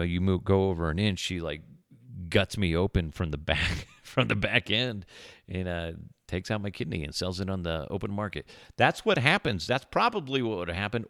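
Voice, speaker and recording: A man's voice: deep voice, no room sound, clean studio sound. A man hosting a podcast, telling rambling stories with crude jokes in a casual, offhand way. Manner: jokey, rambling, crude humor, frequent fillers. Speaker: podcast host. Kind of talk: casual rambling storytelling monologue.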